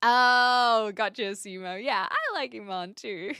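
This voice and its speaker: A woman's voice: on the high side, takes it slowly, sharp tone, clear, resonant tone, no echo, clean studio sound. A woman live streamer chatting casually with her viewers, thinking aloud and laughing often. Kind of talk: casual live-stream chat, reading chat messages.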